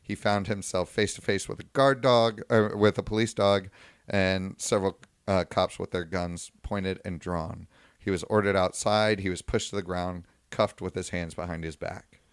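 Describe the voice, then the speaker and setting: A man's voice: low-pitched, steady tone, moderate pace, smooth, no echo, clean studio sound. A man co-hosting a podcast, recounting a news story at length in casual talk and paraphrasing what people said. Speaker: podcast co-host.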